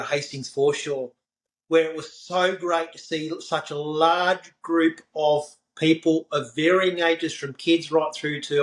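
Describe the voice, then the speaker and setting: A man hosting a podcast, talking warmly and effusively and heaping praise on his guest. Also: fairly high pitch, rough recording. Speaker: podcast host. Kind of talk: podcast interview chat.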